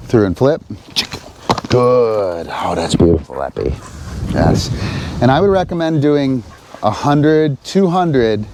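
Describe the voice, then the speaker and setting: A man's voice: medium pitch, background noise. A man explaining dog training step by step while giving his dog short cues and praise. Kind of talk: hands-on training demonstration.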